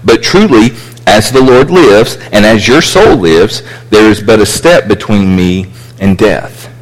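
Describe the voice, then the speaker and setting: A man's voice: lowish voice, measured pace. A man teaching a sermon, explaining scripture with frequent restarts and asides. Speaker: preacher. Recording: echoey hall with long reverb.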